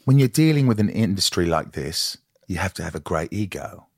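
A man's voice: sits low, sing-song, brisk, darkish tone, husky, no echo, studio quality, exaggerated voice. An American man putting on a London home-counties accent to imitate a pompous British actor talking about ego. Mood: lofty.

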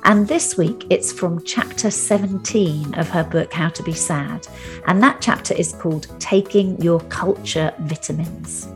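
A woman's voice: fairly low pitch, unhurried, faint music behind. A woman hosting a podcast, making wry joking asides between questions and in her outro. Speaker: podcast host.

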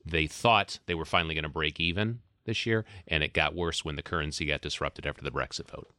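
Man, extremely low voice, bright edge, measured explainer, podcast guest. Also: dry recording, clean studio sound. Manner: measured, explanatory, recounts history. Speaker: executive editor guest. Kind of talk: podcast interview.

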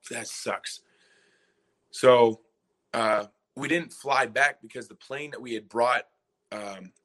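A young man with a bright, forceful voice recounts a story on a podcast. He rambles through it and keeps slipping into quoted lines from himself and the people around him. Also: medium pitch. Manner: rambling, retells scenes by quoting himself and others. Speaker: podcast guest, former college basketball player. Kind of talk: casual storytelling interview.

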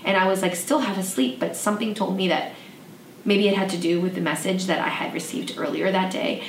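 A woman hosting a podcast, telling a personal story in a soft, reflective way with frequent fillers. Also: mid-range voice, brisk. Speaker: podcast host. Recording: echoey room, slightly distant mic, faint noise.

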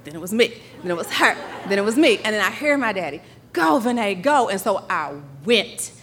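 Animated woman telling a story on stage. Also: mid-range voice, slight background noise. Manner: animated, laughing, quick to act out dialogue. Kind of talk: live personal storytelling on stage. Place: stage before a live audience.

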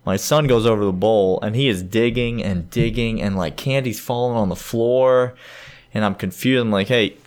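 A man's voice: on the low side, normal speed, a little mellow. A man in his thirties co-hosting a sports podcast, chatting casually and animatedly, laughing often and acting out quoted dialogue.

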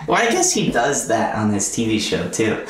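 A man from the US South, a guest comedian, telling quick stories in casual talk and laughing often. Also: lowish voice, very animated. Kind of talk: casual podcast chat. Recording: echoey room, distant mic.

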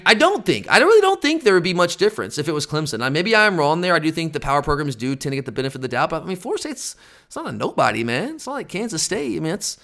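A man's voice: fairly high pitch, pushed and bright. A man hosting a sports fan podcast, exasperated and emphatic as he rants about his team. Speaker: podcast host. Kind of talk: opinionated fan podcast rant.

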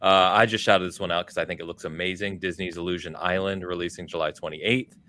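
Low-voiced male podcast host. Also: steady tone, quick pace, pushed and bright. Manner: runs through a list of release dates and viewer comments. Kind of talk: casual chat.

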